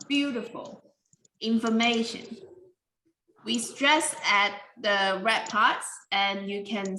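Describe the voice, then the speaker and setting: A woman teaching English pronunciation in a careful, deliberate way, with simple non-native grammar. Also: medium pitch, sharp tone, reverberant, slight background noise, rough recording. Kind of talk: slow classroom explanation.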